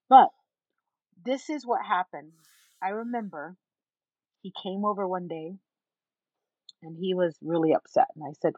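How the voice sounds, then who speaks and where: Animated woman telling her story, dull dry sound. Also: medium pitch, moderate pace, long pauses, no room sound. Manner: animated, acts out what others said. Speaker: interview guest. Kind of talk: personal storytelling in an interview.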